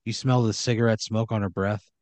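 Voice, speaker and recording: A man's voice: on the low side, fairly even intonation, brisk, darkish tone, no echo. A man improvising a comedic horror story for a player, talking casually, ramblingly and with profanity. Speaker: storyteller running the game.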